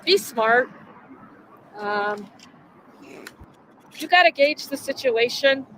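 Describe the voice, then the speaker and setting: A woman in a played video clip, speaking slowly and emphatically as if lecturing. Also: high voice, lively intonation, sharp tone, slight background noise, low-quality recording.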